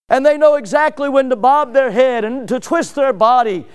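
A man pastor preaching a sermon in an animated, emphatic way, full of rhetorical questions. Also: very high voice, normal speed, hardly any pauses, clean tone.

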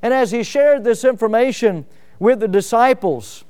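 A man preaching a sermon, telling homely stories with fillers and swinging from loud rises to soft drops. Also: extremely high pitch, animated, moderate pace, smooth. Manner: folksy storytelling with fillers. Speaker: pastor.

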